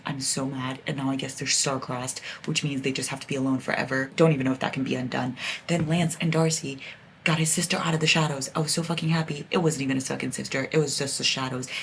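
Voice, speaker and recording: Chatting at home for her reading vlog, a young book vlogger sounds raw and upset from crying, her voice low and creaky over slight hiss or hum. She rants with big emotion and swears freely, swinging between exasperation and disbelief.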